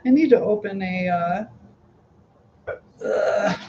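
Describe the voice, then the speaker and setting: A woman's voice: mid-range voice, slow, gravelly, a little mellow, lo-fi sound. A woman hosting a casual live-stream chat, answering viewers as she braids her hair.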